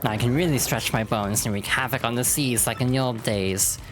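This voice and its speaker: A woman's voice: extremely low pitch, background noise. Woman putting on a haughty skeleton pirate captain. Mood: gloating. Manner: haughty, drawn-out theatrical threats. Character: boastful ancient male skeleton pirate captain. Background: game music.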